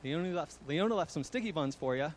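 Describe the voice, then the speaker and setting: A man imitating his elderly grandmother as she calls out loudly and repeats names. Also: on the high side, lively intonation, fast talker, a little hiss or hum, close to an everyday voice. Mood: calling out. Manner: loud calling, repeating names. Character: bossy, doting elderly grandmother calling loudly.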